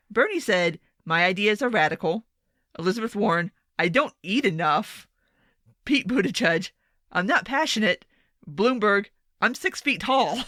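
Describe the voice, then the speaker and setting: Sarcastic young woman commentator, bright voice, dry close sound, casual rant delivery. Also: medium pitch, no echo. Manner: sarcastic, swearing, exasperated asides. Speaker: political commentator. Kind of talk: casual opinion monologue.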